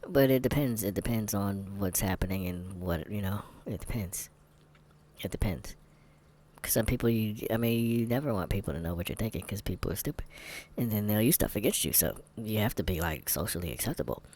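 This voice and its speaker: A man's voice: on the low side, fairly quick, darkish tone. A man vlogging candid commentary while taking a test, rambling, sarcastic and muttering asides to himself.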